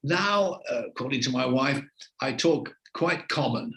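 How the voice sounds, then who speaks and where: An older man from England, a veteran TV presenter, answering interview questions in relaxed, anecdotal storytelling. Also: mid-range voice, measured pace.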